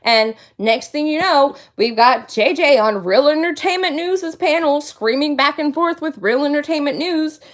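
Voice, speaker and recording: A woman's voice: high-pitched, lively intonation, normal speed, few pauses. A woman in her late thirties hosting a casual livestream, venting with indignant, emphatic talk and repeating her points for emphasis. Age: 30s. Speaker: livestream host.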